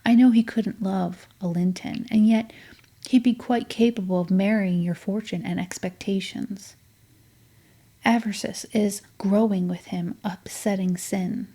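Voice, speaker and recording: A haughty young lady of a grand house, cutting and emphatic, read by a woman. She mocks and lectures in a mellow, rather dark voice. It is a steady audiobook reading of the role. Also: medium pitch, unhurried. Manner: sharp, emphatic and mocking.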